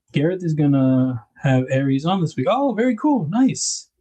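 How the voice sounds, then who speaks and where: A man's voice: a little high, very animated, normal speed, dark tone. A man hosting a casual livestream, rambling about knife design and greeting viewers in the chat by name.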